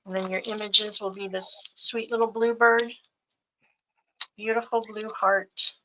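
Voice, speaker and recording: Slow, bright-voiced woman showing crafts. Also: medium pitch, fairly even intonation, a little hiss or hum, poor audio. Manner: unhurried, listing items one by one. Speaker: seller showing craft bundles. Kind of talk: slow live sales show-and-tell.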